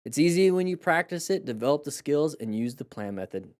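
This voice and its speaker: A man's voice: on the high side, lively intonation, fairly quick, a little mellow, no room sound, studio quality. A man casually commenting on motorcycle crash clips during a live stream, rambling and restarting sentences, coaching with praise and jokes for the chat. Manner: rambling, chatty, with frequent restarts and fillers.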